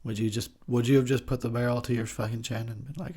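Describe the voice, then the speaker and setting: A man's voice: mid-range voice, fairly even intonation, fast, warm tone, slightly rough. A young man giving crude, joking commentary over a movie while drinking beer, laughing often. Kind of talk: casual drunk movie commentary.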